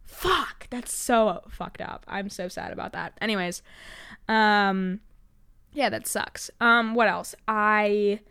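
A woman's voice: mid-range voice, slow, sharp tone, smooth, dry recording, clean studio sound. A sixteen-year-old girl hosting her own podcast, chatting casually with lots of fillers, swearing and self-mocking jokes. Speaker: podcast host. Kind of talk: casual solo podcast chat.

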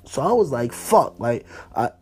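A man's voice: mid-range voice, moderate pace. Rambling, profane young man podcaster. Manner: rambling, profane, full of "like" and "you know". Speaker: podcast host. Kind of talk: casual storytelling monologue.

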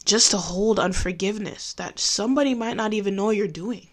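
A woman giving a personal Christian testimony in a candid, conversational way, slowing down to stress key phrases. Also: medium pitch. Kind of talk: personal faith talk.

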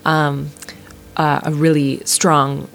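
A woman's voice: low-pitched, flat delivery, slow, creaky, fairly bright tone, a little hiss or hum. A woman comedian in a casual podcast chat, opinionated, often laughing and acting out other people's lines. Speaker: comedian guest.

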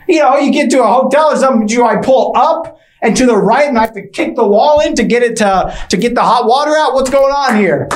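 A man's voice: very high voice, lively intonation, normal speed. Rambling, hesitant stand-up comedian man. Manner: rambling, hesitant, full of fillers and restarts, mock-awkward. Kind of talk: stand-up routine.

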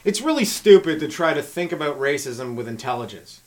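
A man doing a rambling stand-up comedy monologue on his podcast, riffing with frequent asides to the listener and swinging between loud and hushed delivery. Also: a little high, very animated, fairly quick. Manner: riffing, talks to listener with frequent "right?" and "you know".

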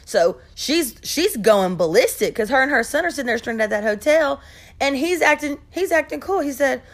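A young woman telling a story in a casual, gossipy way and reacting with expressive disbelief. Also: on the high side, normal speed.

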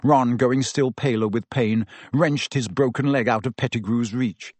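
A man reading a story aloud as narrator, in an expressive and dramatic style. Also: medium pitch, a little slow, dry recording. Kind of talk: audiobook narration.

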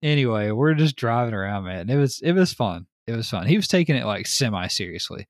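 A man hosting a podcast in casual chat, telling stories in an animated way, laughing often and swearing casually. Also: medium pitch, a little fast, no echo, clean studio sound. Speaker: podcast host.

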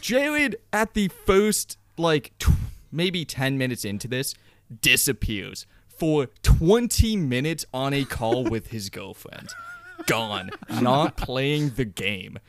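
A man's voice: mid-range voice, big pitch swings, slow. A young man, laid-back and swearing as he recounts a gaming night in a casual chat. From Canada. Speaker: podcast co-host.

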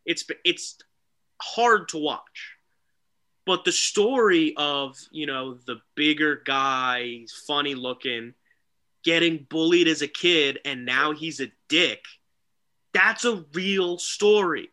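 A man co-hosting a casual wrestling talk show, excitable and animated, often mimicking people. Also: fairly high pitch, takes it slowly. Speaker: podcast co-host.

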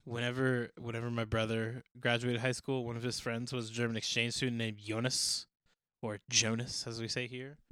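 A man's voice: mid-range voice, level tone, sharp tone, clean tone, dry recording. A man joking and bantering in a casual podcast chat. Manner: joking, quick banter with laughs.

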